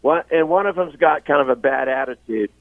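A man's voice: on the high side, a little fast, gravelly, no room sound. A man calling in to a radio show, telling a rambling story with many restarts. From Florida. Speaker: caller. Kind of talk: casual phone-in chat. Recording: tinny phone line, dry.

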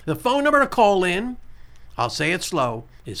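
A man hosting a casual radio talk show, who repeats key points and slows right down to spell out numbers. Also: high-pitched, huge pitch swings, bright, forceful tone.

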